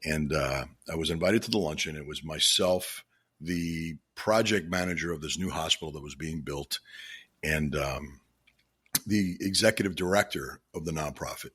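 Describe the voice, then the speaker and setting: A man's voice: very deep voice, normal speed, a bit bright, breathy edge. A middle-aged man hosting his own podcast, telling a personal story alone in an earnest, heartfelt way with many restarts. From Florida. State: choked up with emotion. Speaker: podcast host. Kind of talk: reflective solo podcast monologue.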